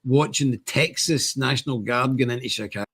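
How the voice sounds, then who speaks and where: An older man with a husky, breathy voice and a middling pitch, hosting a casual political stream. He rambles and speaks with emphasis, stopping now and then to read viewer comments aloud. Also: a little fast, a bit bright. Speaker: show host.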